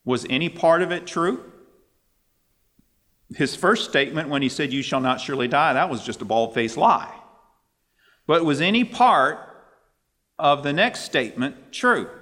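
A man preaching a sermon, emphatic, his pitch climbing on questions and quoted scripture. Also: animated, measured pace, pauses often, pushed and bright, long reverb tail.

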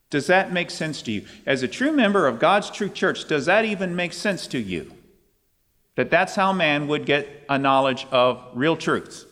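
A man preaching a sermon, emphatic, his pitch climbing on questions and quoted scripture. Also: very animated, unhurried, bright, forceful tone, big-room sound.

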